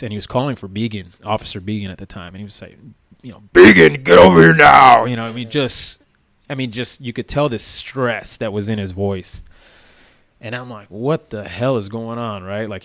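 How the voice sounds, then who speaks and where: A man's voice: lowish voice, no echo. A man, a former police officer, recounting a story casually with lots of fillers. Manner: relaxed, rambling with many fillers.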